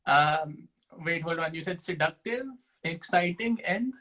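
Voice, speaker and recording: A young man from Pakistan sits as a guest and fields quick-fire questions. His voice is bright and forward, set a little high for a man, and he answers casually. He pokes fun at himself and thinks out loud as he goes. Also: low-quality recording. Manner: self-deprecating, thinks aloud with restarts.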